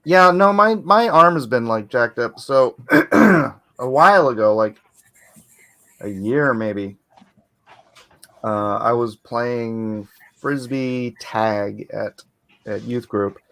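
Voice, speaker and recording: A man's voice: mid-range voice, slow pace, long pauses, pushed and bright. A man hosting a casual livestream chat on a computer mic, rambling and laughing often. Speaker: livestream host. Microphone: computer mic on a video call.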